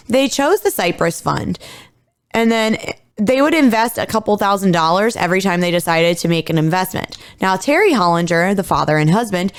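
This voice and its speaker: A woman in her thirties co-hosting a podcast, telling a true-crime story in a chatty, casual way, full of fillers and casual swearing. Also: mid-range voice. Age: 30s. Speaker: podcast co-host.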